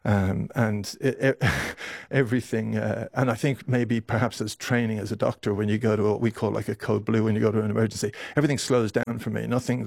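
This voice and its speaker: A man, a doctor recounting a hard memory in a halting way, his voice strained with emotion. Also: on the low side, creaky, a little mellow, dry recording, clean studio sound. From Ireland. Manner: halting, with many restarts and apologies. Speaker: doctor, interview guest. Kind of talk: emotional personal recollection.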